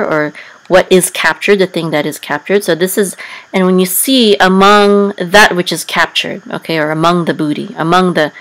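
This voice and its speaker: A woman with a somewhat low voice leads a step-by-step lesson. She patiently sounds out each syllable and corrects herself as she goes. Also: a bit bright, low-quality recording. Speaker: Hebrew and Torah chanting teacher.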